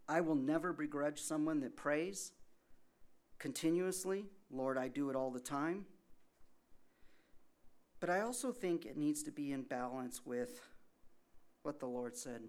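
A man preaching a sermon in a conversational way, asking rhetorical questions and swinging between soft asides and loud emphasis. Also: fairly high pitch. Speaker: pastor.

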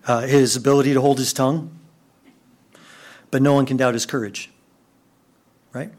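A man preaching a sermon, moving between quiet, hushed passages and excited, raised outbursts. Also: fairly high pitch. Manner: animated, swings from hushed to excited. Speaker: pastor.

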